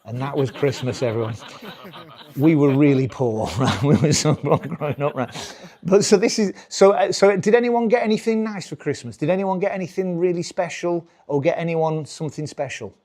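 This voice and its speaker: A British man in his forties works the crowd in a stand-up set, with a voice pitched somewhat high for a man. He rambles, restarts his sentences and keeps checking in with the audience. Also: moderate pace, darkish tone. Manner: rambling, self-interrupting, chatty with the crowd. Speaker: stand-up comedian. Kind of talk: stand-up comedy.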